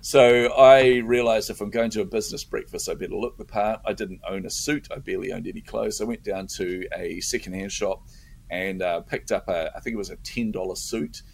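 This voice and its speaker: A middle-aged man with a low, gravelly voice spins an animated story as a guest in a conversation. He acts out his own inner voice along the way. A faint hiss sits behind him. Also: a little fast.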